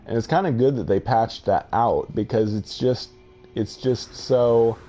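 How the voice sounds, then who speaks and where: A man's voice: mid-range voice, unhurried, dark tone. A man giving musing, hesitant commentary over his own space exploration gameplay, trailing off and restarting his thoughts. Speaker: game video host.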